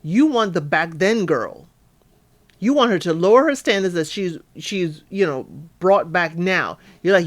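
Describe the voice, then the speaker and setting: A woman giving a casual recap of a reality show, chatty and animated, acting out quotes with asides to listeners. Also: fairly low pitch, a little slow. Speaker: recap podcaster.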